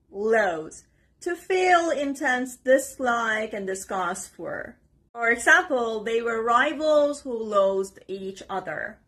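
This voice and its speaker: A woman teaching English vocabulary, pronouncing each word slowly and deliberately. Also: a little high, fairly bright tone. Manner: slow, deliberate word-by-word pronunciation drills. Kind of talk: vocabulary lesson.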